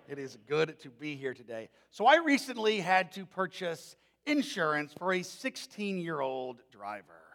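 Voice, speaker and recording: Male pastor, forties; conversational storyteller, high-pitched with a long hall echo. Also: fairly bright tone. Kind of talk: sermon. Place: church sanctuary.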